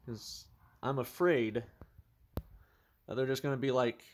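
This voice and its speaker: A man's voice: mid-range voice, fairly even intonation, measured pace, a little hiss or hum. A man vlogging casually into a phone camera, rambling and swearing heavily. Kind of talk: casual vlog talk.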